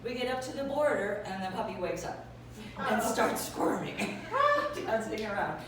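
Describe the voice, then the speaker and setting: A woman telling a funny personal story to a live audience, lively and acting out other people's voices. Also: medium pitch, moderate pace, a loud crowd. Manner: lively, acts out voices with laughter. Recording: echoey hall from far off, noisy.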